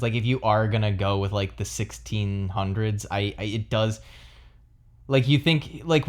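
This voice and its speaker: A young man co-hosting a podcast, chatting casually about films and hedging with lots of fillers. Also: on the low side. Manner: relaxed, hedging with many fillers. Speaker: podcast co-host. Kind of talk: casual film discussion.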